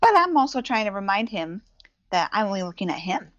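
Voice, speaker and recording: A woman's voice: mid-range voice, very animated, brisk, fairly bright tone, no echo, lo-fi sound. A woman voicing a confident, teasing young woman adventurer in a tabletop role-play game. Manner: cheeky, playful.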